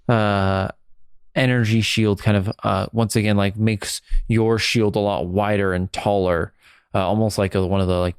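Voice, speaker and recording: Slow, smooth-voiced male game master. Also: on the low side, dry recording, studio quality. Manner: calm, describes actions with fillers. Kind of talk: running a tabletop game.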